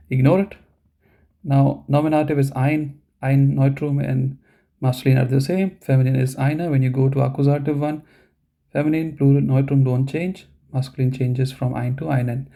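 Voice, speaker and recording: A man's voice: mid-range voice, vocal fry, dark tone. A man teaching a live online language lesson, patiently repeating each point and checking in with the class. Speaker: German teacher.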